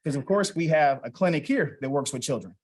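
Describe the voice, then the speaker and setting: A man's voice: a little high, lively intonation, a little fast, darkish tone, husky, poor audio. Guy in his 40s giving a chatty award speech, tells family stories, asks the crowd stuff. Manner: conversational, retells family dialogue, asks the audience questions. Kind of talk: personal storytelling speech. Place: event hall.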